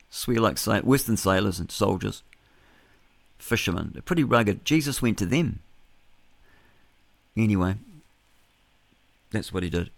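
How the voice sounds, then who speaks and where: Lower-voiced New Zealand radio host. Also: male voice, vocal fry, no echo. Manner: rambling and forthright, with chuckles and self-corrections. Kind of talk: opinionated talk radio monologue.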